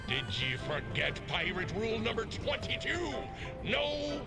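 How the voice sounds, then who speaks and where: A blustery pirate captain from a video game who lectures his crew about rules. The voice swoops high and low with a gravelly edge. Game music plays loudly behind him. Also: sing-song, unhurried, exaggerated voice. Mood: scolding. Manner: blustery pirate talk, scolding.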